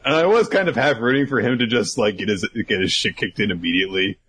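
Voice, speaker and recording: A young man casually recapping a manga, animated and swearing, acting out the characters. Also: lowish voice, quick pace, husky.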